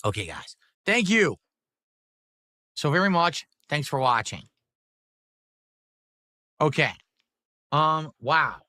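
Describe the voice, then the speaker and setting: Bright-voiced man streaming and chatting. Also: on the high side, very animated, slow, long pauses, no room sound, studio quality. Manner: mumbling between bites, then playful mock outrage. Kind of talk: casual livestream chat while eating. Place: office room indoors. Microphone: close desk mic.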